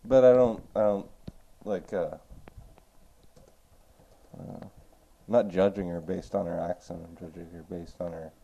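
A man's voice: sits low, fairly even intonation, unhurried, long pauses, warm tone. A man in casual chat, laid-back, arguing a point and then giving in.

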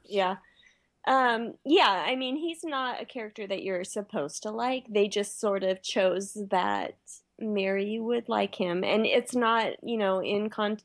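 A woman's voice: medium pitch, measured pace. A woman in casual conversation, explaining her points in a matter-of-fact way. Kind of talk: casual chat.

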